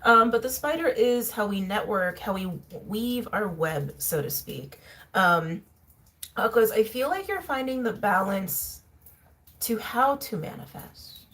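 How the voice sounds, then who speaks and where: A woman giving a casual tarot reading to her viewers, talking in a chatty, musing way with fillers and soft laughs. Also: medium pitch, expressive, a little slow. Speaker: tarot reader. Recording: faint background noise and clicks.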